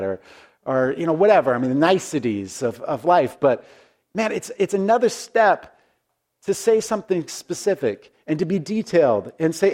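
A man's voice: fairly high pitch, expressive, normal speed, a little mellow. A man preaching a conversational sermon as a pastor, telling stories in an earnest, folksy way with frequent restarts.

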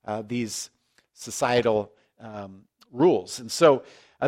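A man's voice: medium pitch, big pitch swings, measured pace, a bit bright. A man preaching a conversational sermon, joking in asides and restarting his sentences as he explains the scripture. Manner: conversational, self-deprecating, frequent restarts and asides. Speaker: pastor.

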